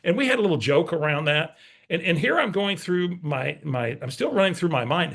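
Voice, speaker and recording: A man's voice: fairly high pitch, expressive, fairly quick, creaky, fairly bright tone. A man, coaching real estate agents through a folksy, story-driven motivational talk. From San Antonio, Texas. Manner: storytelling, folksy, direct to audience.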